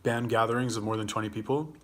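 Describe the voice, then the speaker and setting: A man's voice: fairly low pitch, steady tone, fast talker, slight background noise. A young man with a Los Angeles accent hosting a casual livestream, rambling and swearing as he answers viewer comments while eating. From California. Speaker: livestream host.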